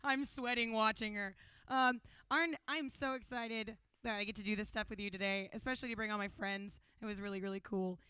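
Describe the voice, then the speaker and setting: Young female emcee, bubbly and self-mocking; clear, crisp voice, dry close handheld mic. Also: mid-range voice, fairly even intonation, brisk, sharp tone, dry recording. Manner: bubbly, rambling, self-deprecating jokes. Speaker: emcee of a benefit show. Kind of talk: live stage emceeing. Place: small stage at a brewery event. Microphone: handheld microphone.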